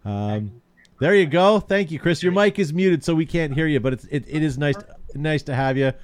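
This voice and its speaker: A man's voice: a little high, normal speed, dry recording. A man hosting a casual online chat show, greeting guests in a friendly, laughing way. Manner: friendly, laughing, welcomes callers. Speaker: host.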